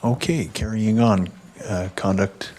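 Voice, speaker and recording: A man chairing a committee meeting, moving briskly through agenda items and calling on speakers. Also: fairly low pitch, fairly even intonation, a little mellow, slight background noise.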